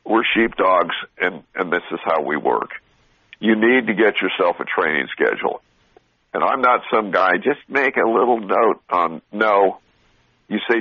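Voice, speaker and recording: A middle-pitched man with a husky voice talks straight and blunt, breaking into laughter mid-story. The sound is dry and a little dull, like a radio broadcast. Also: moderate pace, no echo. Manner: blunt, animated storytelling with frequent laughs and restarts. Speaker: veteran talk show guest speaker. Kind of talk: casual motivational radio talk.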